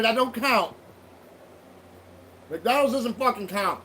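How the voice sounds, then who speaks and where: A man chats with viewers on his livestream in a loose, profane, joking way. His voice sits high, and he speaks into a phone or tablet at home. A faint hiss runs underneath. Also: lively intonation, measured pace, bright, forceful tone, rough recording. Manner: loose, profane, laughing banter. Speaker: livestream host. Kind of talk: casual livestream chat with viewers.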